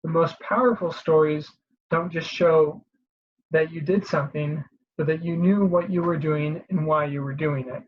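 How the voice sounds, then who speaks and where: Breathy husky presenter explaining step by step, kinda muffled lo-fi sound. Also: medium pitch, steady tone, moderate pace. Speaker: career advice presenter. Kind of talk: instructional voice-over.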